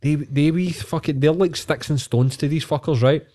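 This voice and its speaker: A man's voice: on the high side, moderate pace, mellow. Scottish man, podcast co-host, heated rant, heavy swearing. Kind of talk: casual chat.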